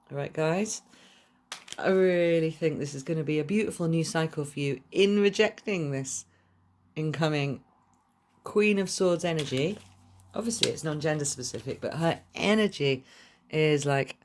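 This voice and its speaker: A young woman with a fairly low voice gives a casual tarot reading straight to her viewers. She talks in a chatty, gushing flow and drops the odd swear word. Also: normal speed, a little mellow. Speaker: tarot reader.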